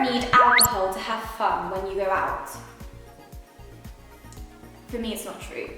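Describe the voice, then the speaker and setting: A woman's voice: mid-range voice, fairly even intonation, unhurried, long pauses. A young woman from Surrey, England, chatting casually and rambling as she eats on camera. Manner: chatty, rambling, thinks aloud. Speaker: vlogger. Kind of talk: casual chat while eating. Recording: very echoey room, long reverb, faint music.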